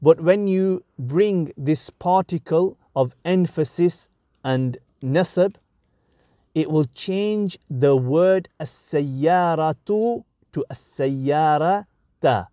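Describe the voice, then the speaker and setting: A man teaching Arabic grammar in a slow, deliberate way, breaking each sentence into short phrases. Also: fairly high pitch, dark tone, no room sound, studio quality. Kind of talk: explanatory grammar lesson.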